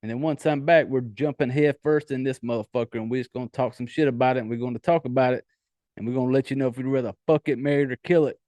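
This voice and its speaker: A man's voice: mid-range voice, fairly even intonation, fast, darkish tone, dry recording. A man with a Southern accent hosting a podcast, chatting casually with rambling, profane asides. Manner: rambling, profane, laid-back. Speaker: podcast host. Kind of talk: casual solo podcast chat.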